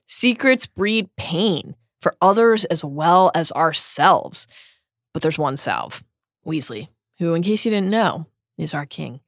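Woman podcast cohost, lowish voice, bouncy expressive recap, dry close mic. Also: slow, no echo. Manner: lively, expressive storyteller voicing quotes. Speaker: podcast co-host. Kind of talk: scripted recap with banter.

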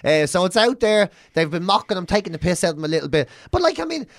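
A man's voice: sits high, big pitch swings, quick pace, no echo, clean studio sound. A man in his forties with an Irish accent, co-hosting a podcast in casual, sweary, mocking banter. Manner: sweary, mocking, rambling storyteller. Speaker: podcast co-host.

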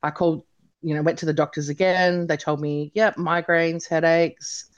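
A woman in her thirties from Australia, telling her story as an interview guest, chatty and animated, with many "like"s and "you know"s. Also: sits low, a little fast, muffled recording.

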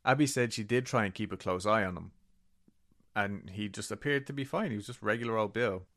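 Low-voiced man telling a story casually. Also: fairly quick, a bit bright. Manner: reads book quotes aloud, swears, laughs at own asides. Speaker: podcast co-host.

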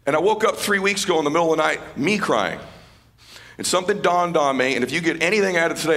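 A middle-aged man giving a live motivational speech on stage, impassioned, swinging between shouting and hushed tones. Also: on the high side, expressive, fast. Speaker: motivational speaker.

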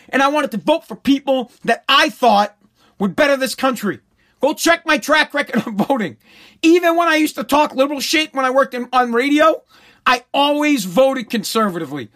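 A middle-aged man with a strikingly high voice tears into his subject as a talk host. He is blunt and profane. He repeats short phrases to drive each point home. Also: fairly bright tone. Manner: blunt, repetitive, profane ranting. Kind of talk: profane political rant.

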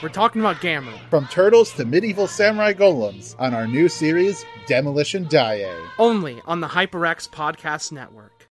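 A man putting on a high, excited voice for a comic podcast ad, with a sing-song manner. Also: normal speed, soft background music. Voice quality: high put-on voice. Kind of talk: comic promo skit.

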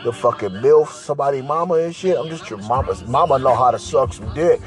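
A man's voice: mid-range voice, brisk, soft background music. A man hosting a podcast, telling a crude story in a boastful, profane way, repeating phrases and slipping into singsong. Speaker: podcast host.

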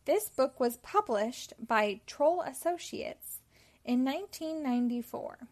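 A woman hosting a children's storytime channel, speaking with a fairly high voice. She gives a friendly, welcoming introduction before reading a picture book aloud. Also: expressive, takes it slowly, a little mellow. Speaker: storytime host.

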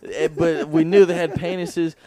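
A drunk young man co-hosting a comedy podcast, swearing and talking in fast excited bursts. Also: fairly high pitch, crowd noise. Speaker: podcast co-host.

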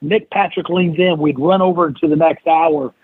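Husky-voiced man telling a story over a tinny line. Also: on the high side, moderate pace, no room sound. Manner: animated storyteller who acts out quoted lines. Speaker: podcast guest. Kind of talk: storytelling interview chat. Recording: dry, tinny phone-like line.

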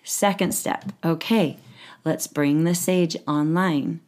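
A woman coach calmly guiding the talk and explaining steps one at a time. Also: low voice, slow pace. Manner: calm, guiding, explaining step by step. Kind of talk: coaching conversation.

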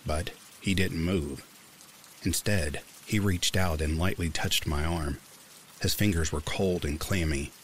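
Very deep-voiced man narrating creepy stories. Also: slight background noise. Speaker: horror story narrator.

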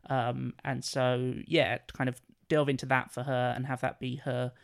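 Gravelly-voiced man, rambling podcast chat. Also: mid-range voice, level tone, normal speed. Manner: rambling, hesitant with many fillers. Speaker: podcast co-host pitching a film. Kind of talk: casual chat.

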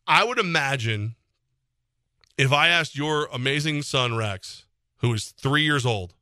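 A man on sports radio, talking loosely and laughing while he complains. His voice is bright and punchy, and the studio sound is dry and close. He jumps between pitches as he rants. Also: no echo. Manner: animated, exasperated ranting with laughs. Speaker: co-host of a sports radio show. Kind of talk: casual sports talk.

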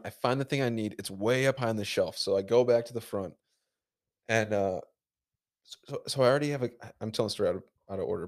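A young man hosting a casual podcast, telling animated stories with swearing and quick impressions of people. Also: fairly low pitch. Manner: animated storyteller, swears freely, mimics people he quotes. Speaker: podcast host. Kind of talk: casual chat.

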